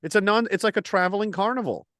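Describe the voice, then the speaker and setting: A man's voice: high voice, quick pace, a bit bright, dry recording, clean studio sound. A man hosting a casual satirical talk stream, ranting and mocking with plenty of swearing. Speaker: host.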